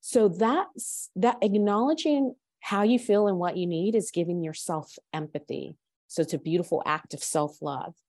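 A woman coach and mediator, a podcast guest, talking earnestly and gently as she guides the listener. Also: lowish voice, moderate pace, no room sound, studio quality. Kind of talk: podcast interview.

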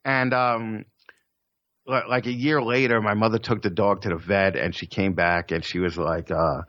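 A man's voice: on the low side, fairly even intonation, moderate pace, fairly bright tone, no echo. A man tells rambling, profane stories in easy conversation, often stammering and starting over. The recording is dull and lo-fi with a dry sound. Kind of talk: casual chat.

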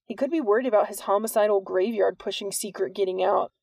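A woman voicing a cheeky, wisecracking teenage schoolboy who talks in a low, dry, sarcastic way. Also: fast talker, gravelly, a little mellow, no room sound.

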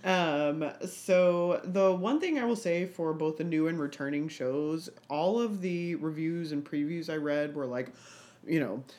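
A woman co-hosting a TV podcast, chatting in a lively, animated way with lots of fillers. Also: low voice, unhurried. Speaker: podcast co-host. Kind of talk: casual chat.

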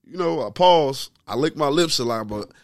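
Slangy animated man telling a story. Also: medium pitch, moderate pace, no room sound, studio quality. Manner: animated storytelling, heavy slang, repeats "you know what I'm saying". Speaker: podcast co-host. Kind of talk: casual chat.

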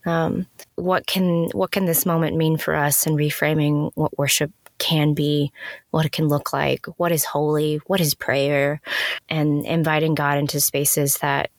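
A woman's voice: deep voice, level tone, measured pace, dry recording. A woman podcast host and seminary student speaking casually, reflective and earnest.

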